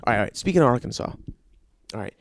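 A man's voice: medium pitch, expressive, very fast, vocal fry, no room sound, studio quality. A young man hosting a podcast, ranting in a profane, comedic way and mocking people with sarcastic voices. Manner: swears constantly, mocks with sarcastic quoted voices. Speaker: podcast host. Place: Los Angeles.

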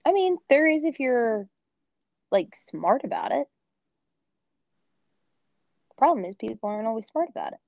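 A woman's voice: a little high, big pitch swings, normal speed, gravelly, pauses often, dry recording, highs cut off. A woman in casual chat, talking in an opinionated way with lots of fillers. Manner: chatty, opinionated, many "like" fillers.

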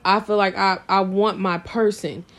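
A woman's voice: mid-range voice, little pitch movement, normal speed, fairly bright tone. A woman co-hosting a podcast, talking earnestly and with emphasis in casual chat. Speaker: podcast co-host.

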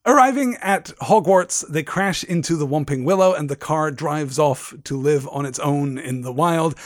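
Male podcast host with a fairly high, dry voice. Thoughtful, emphatic literary commentary. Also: no echo. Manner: reflective, emphatic, analytical. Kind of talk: literary analysis talk.

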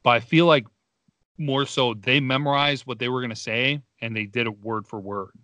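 A man's voice: mid-range voice, steady tone, moderate pace, pushed and bright, dry recording. A young man casually reviewing a movie in a rambling, laid-back way, laughing as he goes. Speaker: podcast co-host.

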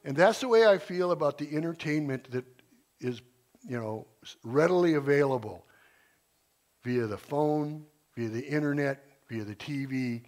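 A man's voice: fairly high pitch, animated, moderate pace, a little mellow. A retired teacher in his sixties giving an informal church talk, earnest and rambling, with frequent restarts. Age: 60s.

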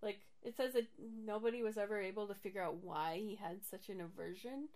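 A woman co-hosting a relaxed podcast, her voice pitched in the ordinary middle range. She keeps breaking into giggles as she reads out facts and chats with her co-host. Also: a little fast. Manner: giggly, laughs often while reading out facts. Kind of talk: casual chat.

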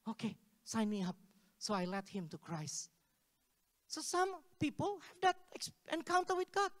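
A pastor with an extremely high-pitched voice speaks at a moderate pace, delivering a sermon full of stories. He animatedly acts out the dialogue with laughs, and the hall carries a long reverb.

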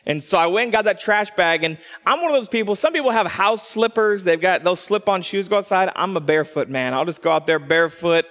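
A man telling a personal story as a preacher, animated, dropping low for asides and rising when excited. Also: a little fast, hardly any pauses. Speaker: pastor. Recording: long hall reverb.

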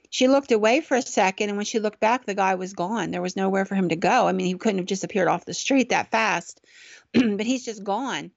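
A woman's voice: mid-range voice, gravelly, dry recording. A woman podcast host casually telling a ghost story in a chatty, conversational way, on a dull, dry recording.

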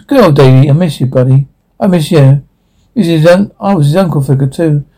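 Guy doing every voice in a cartoon script himself, kinda high voice, gravelly, trips over words a lot. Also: a little fast, mellow, rough recording. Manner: reads sound cues aloud, stumbles and restarts. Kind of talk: reading out a cartoon script, voicing every part.

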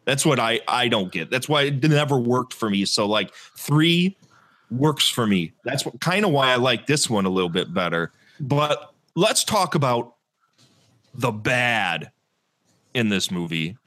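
A man's voice: medium pitch, very animated, measured pace, fairly bright tone. A man co-hosting a casual movie review podcast, blunt and profane, laughing often as he talks. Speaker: podcast co-host.

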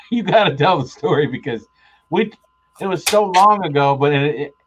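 A man in his forties, a podcast guest, chatting in a laid-back, halting way and chuckling at old memories. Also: a little high, animated, background noise. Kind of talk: casual chat.

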